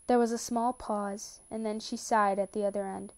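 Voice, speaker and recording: A woman reading a romance story aloud with steady, calm narration. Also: mid-range voice, moderate pace, few pauses. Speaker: reader. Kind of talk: reading fan fiction aloud.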